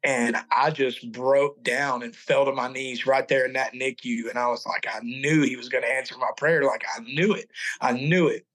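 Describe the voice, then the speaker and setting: In a rough recording, a man in his forties recounts his own faith testimony on a podcast. His ordinary middle-pitched voice is a bit bright with fairly even intonation, and he speaks earnestly yet haltingly, abandoning sentences and beginning them again.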